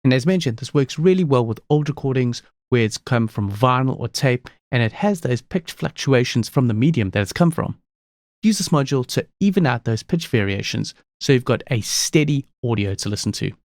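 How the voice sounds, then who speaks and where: A man presenting a screen-recorded software tutorial, explaining each step calmly. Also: medium pitch, fairly quick, no echo, studio quality.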